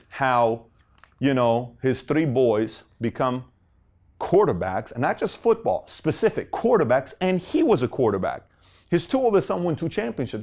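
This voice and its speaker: A middle-aged man hosting a motivational talk, animated, firing off rhetorical questions with big swings in pitch. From Middle Eastern family. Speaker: host.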